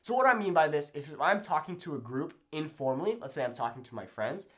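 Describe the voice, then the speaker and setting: Animated young man teaching at a whiteboard. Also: on the high side, quick pace. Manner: upbeat, chatty, checks in with 'okay?'. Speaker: Spanish teacher. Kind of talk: whiteboard language lesson. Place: room with a whiteboard.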